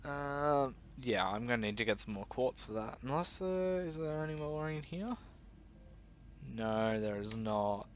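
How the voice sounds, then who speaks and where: This young man hosts a gaming video, playing a survival game while chatting loosely, poking fun at himself, and addressing his audience. His mid-range voice has lively intonation at a measured pace, with a little hiss or hum in the recording.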